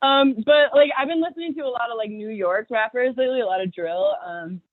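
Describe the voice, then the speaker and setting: A woman's voice: a little high, brisk, no echo. Giggly, profane young woman on a tinny line. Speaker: podcast guest, rapper. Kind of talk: casual chat. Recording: dry tinny phone-like audio.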